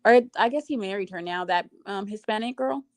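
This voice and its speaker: Brief: female co-host, mid-pitched, gossipy and blunt, dry close recording. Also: brisk, darkish tone, dry recording. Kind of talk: casual late-night chat.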